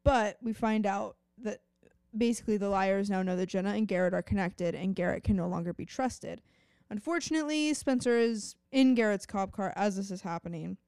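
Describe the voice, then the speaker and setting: A woman co-hosting a podcast, briskly summarizing with dry, wry asides. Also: mid-range voice, a little mellow, clean tone, no echo. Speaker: podcast co-host. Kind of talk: casual recap of a TV episode.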